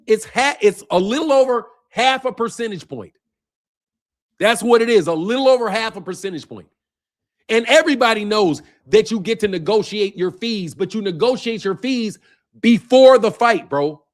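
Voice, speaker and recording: High-voiced man ranting on a livestream. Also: expressive, normal speed. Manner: combative, ranting at chat, repeats "bro". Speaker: boxing channel host. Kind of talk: heated livestream commentary.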